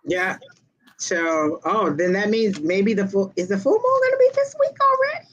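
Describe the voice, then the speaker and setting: A woman reading tarot live for viewers, talking quickly and directly to her audience in a lively, chatty way. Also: medium pitch, dull audio. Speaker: tarot and psychic reader.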